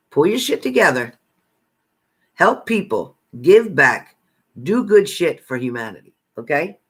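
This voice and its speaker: A fairly high-voiced man reading psychic messages sign by sign. He talks bluntly and bossily, repeating his orders and swearing freely as tough love. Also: fairly bright tone. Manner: profane, repetitive, bossy tough-love commands. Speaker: psychic card reader.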